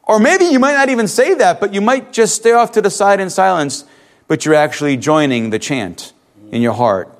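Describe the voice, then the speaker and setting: A man's voice: high-pitched, animated, moderate pace. Earnest male pastor preaching. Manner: earnest, rising to emphatic questions, dropping soft for stories. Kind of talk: sermon.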